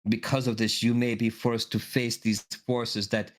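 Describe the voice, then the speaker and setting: A man voicing an older female fortune teller, mysterious and ominous, with a slow, theatrical put-on accent. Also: medium pitch, little pitch movement, natural voice. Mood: prophetic. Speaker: game master.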